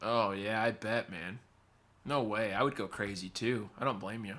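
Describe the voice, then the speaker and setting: A man's voice: fairly low pitch, normal speed, a bit bright. A man hosting a livestream, telling rambling stories to chat and getting sidetracked as he answers comments. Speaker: livestream host. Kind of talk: casual storytelling to chat.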